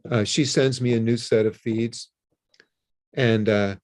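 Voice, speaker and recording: An older man, a guest in an interview, telling a story in a casual, animated way and acting out the phone calls in it. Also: mid-range voice, unhurried. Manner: animated, acts out his own and others' phone calls.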